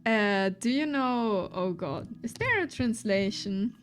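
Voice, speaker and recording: A woman's voice: a little high, lively intonation, slow. A woman with a German accent, chatting casually on her stream and reading chat aloud, giggly and full of restarts. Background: faint lofi music.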